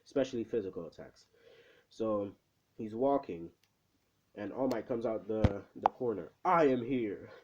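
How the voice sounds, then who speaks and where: A man's voice: on the low side, moderate pace, long pauses, mellow, lo-fi sound, a little hiss or hum. A young man casually retelling a fan what-if story in a rambling, profane way, with lots of fillers. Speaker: channel host.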